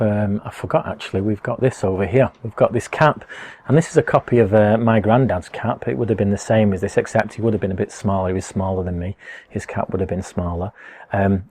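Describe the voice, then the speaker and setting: A man's voice: on the low side, a little mellow. A man, explaining things to schoolchildren in a friendly, chatty way with lots of fillers. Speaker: educator presenting a school topic box.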